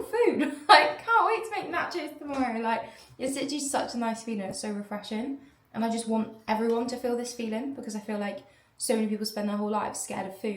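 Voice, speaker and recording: A woman's voice: mid-range voice, heavy reverb. A woman, chatting casually to camera in a vlog, rambling with lots of "like". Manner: chatty, rambling, heavy use of "like". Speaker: vlogger.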